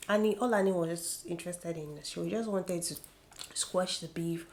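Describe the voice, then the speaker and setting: Young woman gossiping about a reality show, kinda low voice, opinionated and animated. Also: a little fast, a little hiss or hum. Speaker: vlogger reviewing a reality show. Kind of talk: casual chat.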